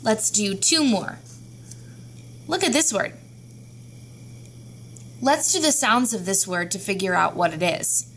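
Slow, clear-spoken woman teacher. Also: mid-range voice, fairly bright tone, a little hiss or hum. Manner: slow, clear, sounding out letters. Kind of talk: phonics lesson for young children.

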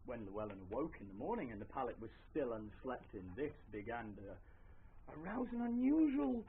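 Lively male storyteller on a thin live recording. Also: mid-range voice, normal speed, slight background noise. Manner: wry asides to the audience. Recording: lo-fi live recording, faint ambience.

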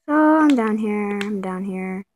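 A woman's voice: mid-range voice, animated, unhurried, darkish tone. A woman giving casual commentary over a video game, acting frightened, often dropping to whispers and gasping. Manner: acts scared, drops to whispers and gasps. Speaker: gameplay video host.

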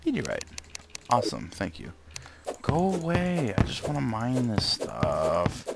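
A man's voice: deep voice, wildly swooping pitch, a little slow, creaky, very noisy. A man casually commenting on his own gameplay, muttering to himself and breaking into frustrated outbursts. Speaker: let's play gamer. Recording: gameplay with loud game music behind.

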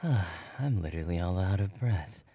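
A man's voice: low-pitched, lively intonation, a little slow, mellow, breathy edge, no room sound, heavily acted. A man voicing a playful young boyfriend who rambles in a goofy, scatterbrained way and is out of breath, in a whispered role-play.

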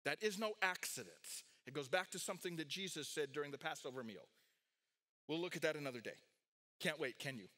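A man preaching a sermon, swinging between loud, emphatic points and quiet asides. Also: brisk. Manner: animated preaching, rising loud on key points, dropping low and quiet for asides. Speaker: pastor.

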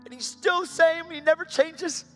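A man preaching a sermon, telling a story with animated energy and rising to loud, excited bursts. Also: extremely high pitch, moderate pace, faint music behind.

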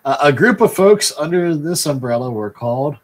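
A man's voice: on the high side, lively intonation, low-quality recording. A man co-hosting a casual history podcast, reading from his notes with a dry manner and lots of fillers. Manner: dry, many fillers and quick yeps. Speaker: podcast co-host.

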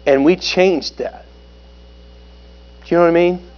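High-voiced joking pastor preaching, dull sound. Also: male voice, steady tone, a little slow. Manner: conversational and joking, with sudden loud and soft swings. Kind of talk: sermon.

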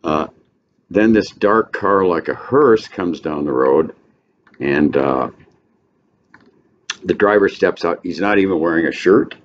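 A man with a very deep voice gives an informal lecture on literature, rambling and pausing often. The recording sounds muffled and lo-fi. A faint hiss runs underneath. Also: expressive. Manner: rambling, with many pauses and filler sounds. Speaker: literature presenter.

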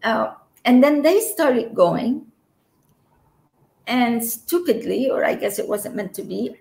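Casting: woman guest, slow, heartfelt storytelling, roomy echo. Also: on the high side, animated, creaky, darkish tone. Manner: emotional, trails off and laughs between phrases. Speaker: interview guest. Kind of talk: personal storytelling.

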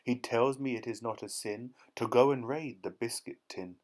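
A man's voice: mid-range voice, normal speed, lightly acted. A man voicing a young child earnestly pleading with his mother in a rhyming story.

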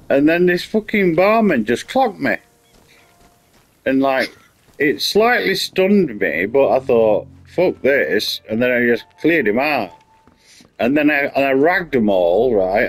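A man's voice: medium pitch, lively intonation, measured pace, faint music behind. A man chatting casually while streaming a game, telling rambling, sweary stories. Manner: rambling storytelling, swears freely. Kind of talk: casual chat while playing.

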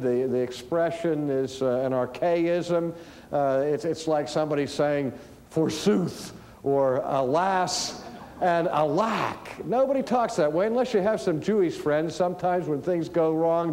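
A man preaching a sermon in a slow, deliberate way, building to raised emphasis. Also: on the high side, mellow. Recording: long hall reverb.

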